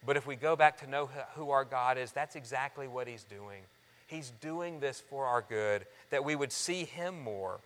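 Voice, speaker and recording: A man preaching a sermon, earnest, calling his listeners friends and shifting from loud emphasis to soft, hushed lines. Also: medium pitch, normal speed. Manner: addresses the congregation as friends. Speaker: pastor. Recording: long reverb of a large hall.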